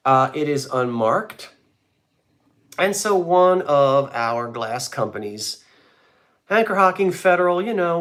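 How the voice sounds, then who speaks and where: A man's voice: medium pitch, fairly bright tone. A man selling antiques in a live online auction, describing each item in a chatty, rambling way with homey jokes and asides. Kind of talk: casual live sale presentation.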